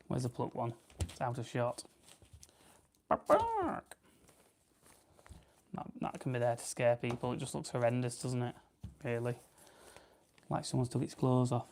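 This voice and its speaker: A young man with a South Yorkshire accent from England speaks fairly quickly in a creaky, dark, medium-pitched voice with little pitch movement, over a little hiss or hum. He's a livestream host plucking grouse, chatting and rambling, and reading out viewer comments to answer them.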